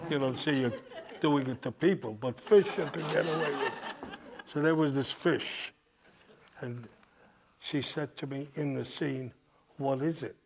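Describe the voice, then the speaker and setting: With a medium-pitched voice that moves a little slowly and pauses often, an older guest speaker tells a wandering story to a live cinema audience while laughing. Audience crowd noise runs through the clip.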